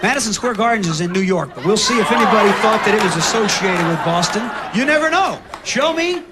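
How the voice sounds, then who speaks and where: A man hosting a television game show, teasing contestants in quick banter before a studio audience. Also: sits high, lively intonation, a loud crowd. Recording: loud studio audience and noise.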